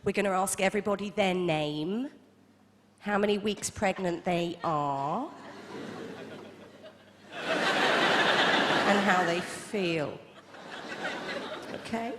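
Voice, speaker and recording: A woman doing a slow, sugary yoga teacher. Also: medium pitch, lively intonation, noisy background, voice pushed down. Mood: patronising. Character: patronising female pregnancy yoga teacher. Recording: reverberant live club hall. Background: audience laughter.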